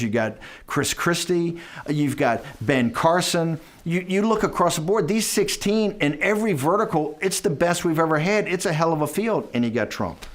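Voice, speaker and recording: A man answers interview questions in a forceful, rapid-fire flow, his voice sitting a little higher than most men's. He drives each point home and checks in with the listener as he goes. He is animated, telling stories as much as answering. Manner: emphatic, rapid-fire, rambling, with frequent "right?" and "okay?"; animated, mimics others in quoted asides. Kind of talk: conversational interview storytelling.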